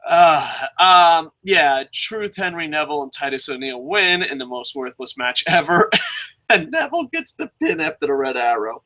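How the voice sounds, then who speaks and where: Male host, bright and forceful voice a bit high, profane and sarcastic, excitable casual delivery. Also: moderate pace, rough recording. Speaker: show host reviewing.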